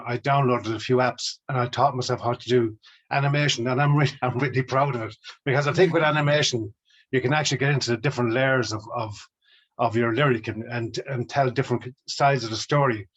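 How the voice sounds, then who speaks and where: Recorded in dull lo-fi audio, a middle-aged Irish musician shares career stories with enthusiasm as a guest in a casual interview. He speaks in a mid-range, slightly bright voice.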